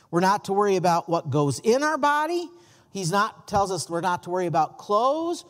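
A man's voice: high voice, in a large hall. A male pastor preaching a sermon in a church sanctuary, folksy and full of stories.

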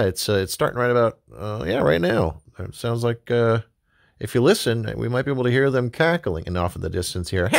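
A woman voicing dim, hapless 1980s husbands in a low, hesitant, mumbling voice. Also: gravelly, dry recording, clean studio sound, exaggerated voice.

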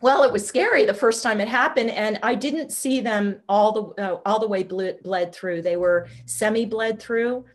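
A woman guest in an interview, telling a personal story in an animated, conversational way, often saying "like". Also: medium pitch, normal speed, hardly any pauses. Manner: animated, conversational, uses "like" a lot. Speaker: guest, shamanic healer.

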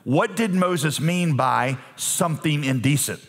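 A middle-aged man preaching a sermon as pastor, animated and humorous, acting out voices from the text. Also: on the high side, measured pace.

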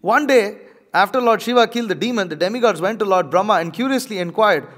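A man reading a religious scripture aloud and pausing to comment, measured and a little hesitant in his asides. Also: high voice, fairly bright tone, long reverb tail. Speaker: religious teacher.

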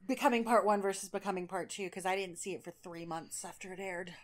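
A woman's voice: mid-range voice, fast talker. A woman co-hosting a podcast in casual chat, enthusiastic and full of fillers and restarts. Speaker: podcast co-host.

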